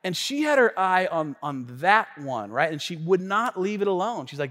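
In a church sanctuary with a long reverb tail, a male pastor preaches a sermon in a slightly high voice at a moderate pace. He tells a story in an animated, conversational way, often turning to the congregation with asides.

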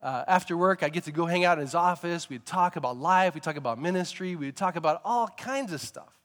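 A man preaching a sermon, telling stories in a lively way and sometimes rising to emphatic shouts. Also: on the high side, brisk, big-room sound. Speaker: pastor.

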